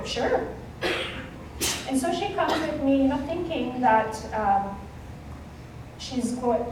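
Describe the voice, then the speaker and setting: A woman from Kenya giving a keynote talk, telling a personal story in an animated way and acting out the dialogue. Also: on the high side, background noise. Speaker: keynote speaker. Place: conference hall stage. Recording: echoey hall, mic at a distance.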